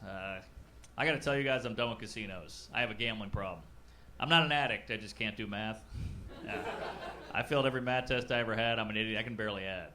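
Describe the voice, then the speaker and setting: 40s guy doing standup, chatty punchy delivery, live club recording with noise behind. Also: lowish voice. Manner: conversational, punchy, self-deprecating delivery. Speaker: stand-up comedian. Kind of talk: stand-up comedy set. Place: comedy club stage. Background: audience laughter.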